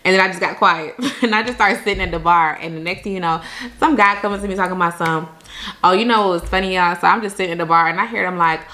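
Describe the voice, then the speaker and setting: A woman from Jamaica tells her viewers a vacation story in a casual, chatty way. Her voice is bright and a little low, and she laughs often as she talks straight to the camera. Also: quick pace. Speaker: vlogger telling a story.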